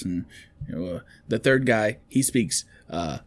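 A man's voice: fairly low pitch, expressive, dry recording. A man chatting casually, retelling a movie plot in a rambling, storytelling way. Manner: rambling storyteller, quick quotes of characters.

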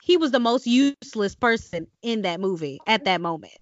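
A woman with a Southern country accent co-hosting a casual podcast chat, teasing and quick to laugh. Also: medium pitch, lively intonation, no room sound. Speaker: podcast co-host. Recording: dull lo-fi podcast audio.

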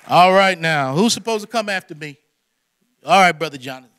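High, bright-voiced preaching man. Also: lively intonation, brisk, smooth, some chatter behind. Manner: impassioned preaching, swings from soaring shouts to hushed prayer. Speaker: pastor. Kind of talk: sermon.

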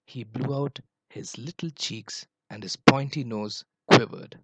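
A man reading a children's story aloud, expressive and playing with sound effects. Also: medium pitch, slow, husky, no echo, rough recording.

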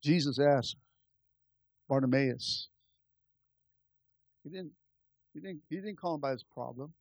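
Fervent high-voiced male preacher, dry sound. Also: measured pace, gravelly, darkish tone, breathy edge, no echo, muffled recording. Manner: fervent, repeats calls to the congregation. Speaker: pastor. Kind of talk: sermon. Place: church service.

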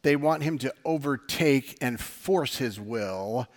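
Slow and animated, a man with a mid-range voice delivers a sermon as pastor. He talks conversationally, throws rhetorical questions at the audience and leans on dry sarcasm.

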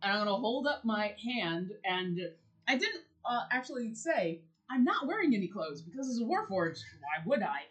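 A woman takes her turn in a tabletop role-playing game with a fairly high voice that bounces all over its range. She sounds excitable and casual, piling quickly from one thought to the next. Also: low-quality recording. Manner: excitable, animated. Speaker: player.

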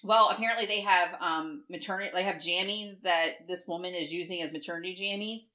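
A middle-aged woman co-hosting a casual chat, telling stories with lively, acted-out quotes and frequent swearing. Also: lowish voice, fairly quick. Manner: animated storyteller, acts out quoted voices, swears freely. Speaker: co-host.

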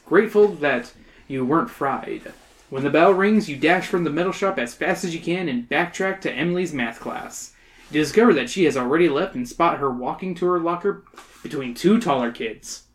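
A podcast host reading a storybook aloud and trading jokes with friends between passages. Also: mid-range voice. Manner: joking, quick asides. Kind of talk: casual read-aloud with banter.

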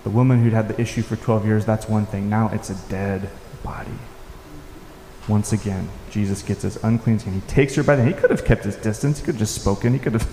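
Male pastor, warm, relaxed tone, unhurried sermon delivery, reverberant hall sound. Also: on the low side, a little hiss or hum. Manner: unhurried, reflective, with soft-spoken quoted lines. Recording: echoey hall with faint ambience.

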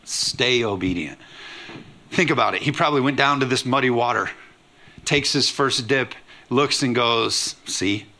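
A man pastor preaching a lively sermon, acting out quoted voices with humor. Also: medium pitch, normal speed.

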